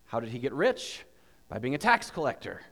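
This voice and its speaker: A man preaching a sermon as pastor, telling a story with animated questions to the congregation. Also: medium pitch, fairly quick, big-room sound. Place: church.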